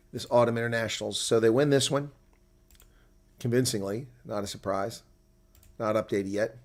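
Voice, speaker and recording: A man doing live play-by-play and reaction for a rugby match, who builds to shouting on big plays, then drops to relaxed, chatty talk and replies to viewer chat. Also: mid-range voice. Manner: reads out and answers viewer chat.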